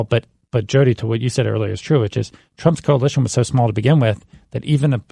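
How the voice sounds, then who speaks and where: A man talking through political data in a casual studio chat, with a gravelly, creaky edge to his voice. The sound is dry and close, with no room echo. He thinks aloud, often restarting his sentences. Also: mid-range voice, warm tone. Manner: thinks aloud with frequent restarts and "you know". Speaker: managing editor on a politics podcast. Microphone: studio mic.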